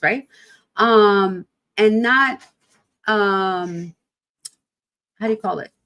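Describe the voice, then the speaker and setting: A woman in her fifties hosting a podcast, talking casually about grief in a rambling, emphatic way full of rhetorical questions. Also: on the high side. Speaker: podcast host.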